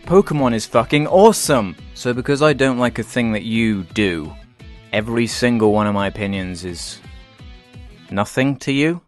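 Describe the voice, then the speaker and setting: A man ranting with sarcastic, exasperated comic energy, swearing freely as he picks things apart. His voice sits at an everyday middle pitch, with faint music playing behind him. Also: animated, normal speed. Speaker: comedy ranter, channel host. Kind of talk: sweary comedic rant.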